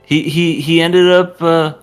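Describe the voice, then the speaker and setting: A man's voice: a little high, little pitch movement, a little slow, clean tone, faint music behind. A man co-hosting a podcast, joking and laughing along through casual anime chat. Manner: laughs often, playful, jokes along. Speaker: podcast co-host.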